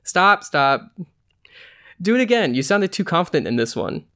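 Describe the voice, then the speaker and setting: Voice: medium pitch, lively intonation, normal speed, close to an everyday voice. Teasing young male musician, dry and jokey, read plainly by the host.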